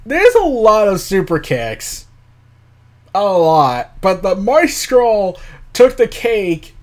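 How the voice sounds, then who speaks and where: A man's voice: sits high, darkish tone. A man hosting an unscripted commentary show, talking in a rambling, sarcastic way with frequent laughs and the odd swear word. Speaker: podcast host. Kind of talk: casual commentary.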